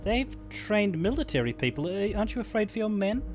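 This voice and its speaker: A male streamer reading game dialogue aloud, halting now and then over a word. His voice sits a little high and has a lively range. Faint game music plays in the background. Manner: halting reading with small stumbles.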